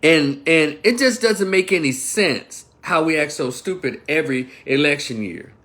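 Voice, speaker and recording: In a fairly high, animated voice with a fairly bright tone, a Memphis livestream commentator vents his opinions at normal speed. He's heated and profane, frequently cursing and addressing viewers directly.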